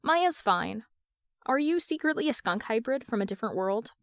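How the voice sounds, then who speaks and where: Small curious girl voiced by a woman, blunt, earnest, high and light, audiobook reading. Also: big pitch swings, normal speed, fairly bright tone, dry recording, clean studio sound.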